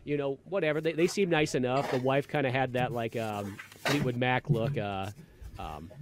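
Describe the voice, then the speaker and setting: A man's voice: medium pitch, moderate pace, slight background noise. A man hosting a podcast, telling a long casual story with plenty of fillers and restarts. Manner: rambling, heavy on fillers and restarts. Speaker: podcast host.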